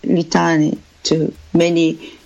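Lady calling in, slow halting english, lots of uhs. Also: deep voice, monotone, vocal fry, darkish tone, muffled recording. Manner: halting, hesitant, broken English. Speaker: caller. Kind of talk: phone-in call.

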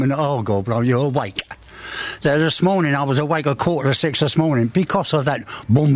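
An elderly man in his eighties, short of breath as he talks, bluntly airing a grievance. His pitch swings widely and sits a little high for a man his age, and he wanders from point to point. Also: very animated, moderate pace. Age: 80s. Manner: aggrieved, blunt, rambling complaint. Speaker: local resident interviewed. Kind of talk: on-location news interview.

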